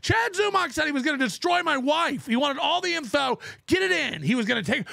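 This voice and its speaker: A high-voiced man with a gravelly edge and a bright, pushed tone, ranting as a livestream host. He mocks his critics, swears freely and laughs between jabs. The sound is dry and close. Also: sing-song, brisk, no room sound.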